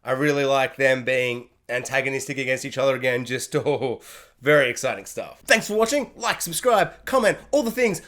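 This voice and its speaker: A young man gives an excited solo anime reaction review, gushing and acting out quotes from the show. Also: medium pitch, moderate pace. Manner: animated, gushing, acts out quotes.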